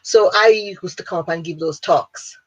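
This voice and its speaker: A woman in her fifties from Jamaica, with a Jamaican accent, telling her story as an interview guest in an animated way and laughing often. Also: on the low side, moderate pace, breathy edge. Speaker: guest, speaker and businesswoman. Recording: dull lo-fi audio.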